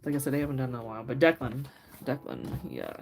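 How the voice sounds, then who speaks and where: A woman's voice: rumbling low, sing-song, fast, creaky, a little mellow. A middle-aged woman hosting a craft livestream, chatting casually with viewers, laughing often and telling loose stories full of fillers. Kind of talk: casual chat with live viewers. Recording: faint music behind.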